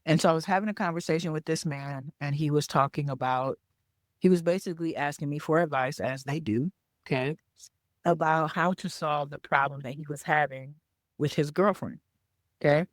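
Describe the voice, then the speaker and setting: A woman's voice: deep voice, moderate pace, no echo. Woman, podcast host, casual teaching tone, checks in often with the listener, repeats words for emphasis, dry close sound. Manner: conversational storyteller, keeps checking in with "okay?" and "right?". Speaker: podcast host and business coach.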